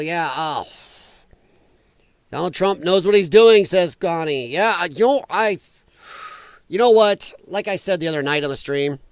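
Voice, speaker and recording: Animated, high-voiced man hosting a stream. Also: no room sound, studio quality. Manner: animated, rambling, quick to laugh. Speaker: livestream host reading chat. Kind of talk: casual political commentary stream.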